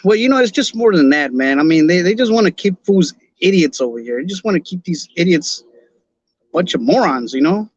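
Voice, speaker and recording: A Chicano man from Los Angeles chats loosely on his podcast stream, speaking in a slightly higher voice and tripping over his own restarts. The sound is dry and a bit dull. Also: lively intonation, fairly quick, no echo. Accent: Chicano English. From Los Angeles, California. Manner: laid-back slangy talk, many restarts and repeated words. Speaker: podcast host. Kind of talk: casual live-stream chat.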